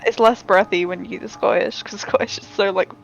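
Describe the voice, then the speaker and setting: A woman's voice: medium pitch, steady tone, fairly quick, gravelly. A woman chatting as a player at a tabletop game, laughing often. Her mic sounds dull and lo-fi, with faint game music behind. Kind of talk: casual tabletop play.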